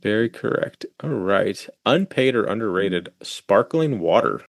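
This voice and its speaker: A man's voice: fairly low pitch, lively intonation, unhurried, gravelly, dry recording, clean studio sound. A man hosting a podcast, chatting casually with profane, joking asides and reading out sponsor plugs. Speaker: podcast host. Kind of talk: casual chat.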